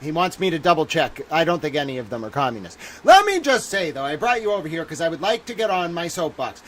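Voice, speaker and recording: A man's voice: a little high, sing-song, fast talker, fairly bright tone, a little hiss or hum. A man hosting a livestream, ranting in an exasperated, theatrical way, swearing often and repeating himself. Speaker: livestream legal commentator. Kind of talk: solo livestream rant.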